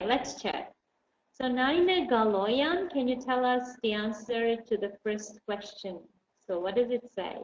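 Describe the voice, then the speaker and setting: A woman's voice: on the high side, measured pace. A woman teaching an English class, asking students questions and encouraging them patiently. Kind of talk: online class lesson. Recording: dull roomy recording with faint noise.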